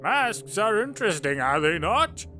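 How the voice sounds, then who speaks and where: A man voicing a courteous, rambling old male historian who talks in a slow, formal way, with faint game music behind. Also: high voice, sing-song, pushed and bright, pitched above the performer's own voice, heavily acted. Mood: musing.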